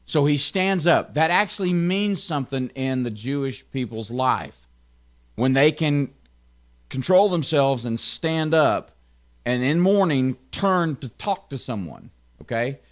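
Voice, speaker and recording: A man with a Tennessee accent giving a conversational Bible study, often checking in with his listeners and adding quick asides. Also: on the high side. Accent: Southern US, Tennessee. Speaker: pastor.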